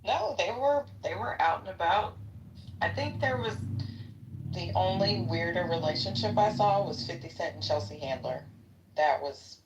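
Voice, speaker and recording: Fifties woman, very deep and gravelly, rambling gossipy chat on a distant mic. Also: animated, moderate pace, dull audio, noisy background. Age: 50s. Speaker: participant in a live audio chat. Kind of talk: casual chat.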